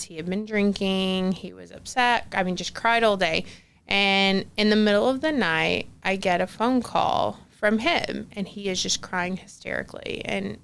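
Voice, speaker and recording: A woman's voice: fairly low pitch, vocal fry, a bit bright, smooth. Chatty young woman telling a story. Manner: chatty, many fillers like "like", acts out quoted dialogue. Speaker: podcast guest. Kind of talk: casual storytelling conversation.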